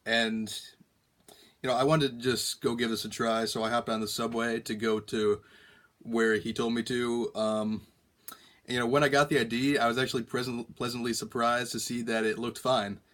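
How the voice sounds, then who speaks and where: A young man telling a long story on a prank call in a halting, deadpan way, full of ums and restarts. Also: medium pitch. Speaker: prank caller.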